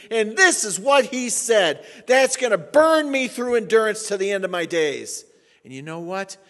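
A man in his sixties preaches with animated, sarcastic flair, his voice pitched high for a man. His sermon rings through a church sanctuary with long hall reverb. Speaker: pastor.

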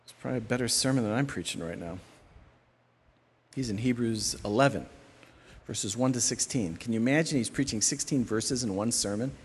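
A middle-aged male pastor preaching a sermon in an animated way, acting out the voices of the people he describes. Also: medium pitch, brisk, long reverb tail.

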